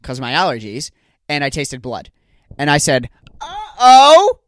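A man's voice: mid-range voice, normal speed, a bit bright, dry recording. A young man hosting a solo comedy podcast on a studio mic, rambling through stories with exasperated, self-mocking energy. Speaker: podcast host. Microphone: studio podcast microphone.

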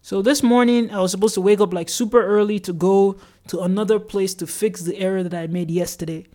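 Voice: medium pitch, fairly even intonation, fairly quick, mellow. Chatty solo podcast host telling a story. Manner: chatty, with many "like" fillers and acted-out quotes.

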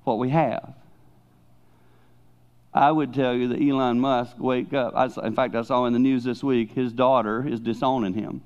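A man's voice: medium pitch, moderate pace. Older male preacher, dull lo-fi sound. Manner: animated preaching, swinging between loud emphasis and hushed asides. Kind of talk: sermon. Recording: dull lo-fi recording.

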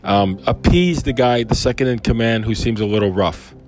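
A man's voice: mid-range voice, moderate pace, few pauses, a little mellow. A man casually reading a Bible chapter aloud and commenting on it, enthusiastic and rambling with many fillers.

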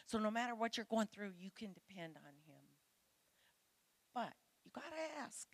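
A woman's voice: medium pitch, animated, moderate pace, no room sound. A middle-aged woman preaching a sermon to women, earnest and pleading as she speaks straight to her listeners.

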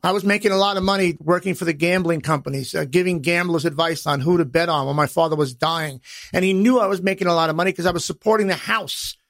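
A middle-aged man hosts a podcast in a blunt, profane wise-guy manner. His voice sits high for a man and has a gravelly rasp. The sound is dry and close to the mic. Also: quick pace, fairly bright tone, no room sound. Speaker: podcast host. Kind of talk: personal podcast monologue.

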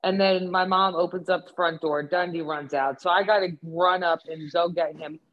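Swearing, animated young woman chatting. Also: on the low side, moderate pace, lo-fi sound. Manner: animated, swears often, storytelling. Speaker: podcast co-host. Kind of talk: casual chat.

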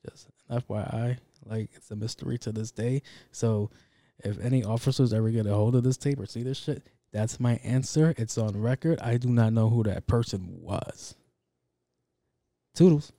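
A podcast host telling a story in a casual, rambling, profane and joking way, speaking into a studio mic. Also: male voice, fairly low pitch, warm tone, dry recording. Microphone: handheld studio mic.

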